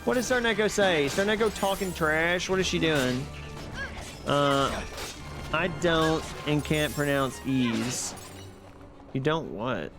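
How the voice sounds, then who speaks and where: A man streaming live, chatting casually and excitably with his viewers while playing a game. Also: fairly high pitch, takes it slowly, over music. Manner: excitable, chatty, reads and answers chat.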